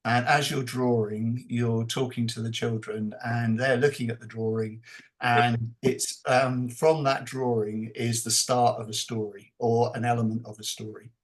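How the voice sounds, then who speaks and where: A man with a medium-pitched voice presents a teacher training session over a video call. He explains things slowly and acts out classroom dialogue.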